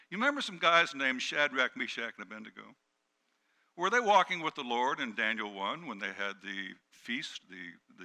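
A middle-aged male pastor preaching a sermon, dropping to hushed tones and then rising to loud, emphatic peaks. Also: lowish voice, creaky. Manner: dynamic preaching, swings from hushed to shouting.

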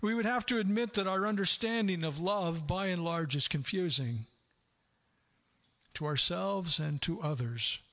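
A middle-aged man preaching a sermon in an animated way, laughing often and acting out quoted voices. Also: high-pitched, measured pace. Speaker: pastor.

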